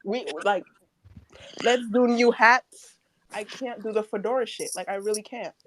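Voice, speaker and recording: A young woman chatting casually in an online book club, animated and slangy, often laughing. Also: a little high, a little slow, a little hiss or hum. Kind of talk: casual group chat. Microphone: phone or headset in an online voice room.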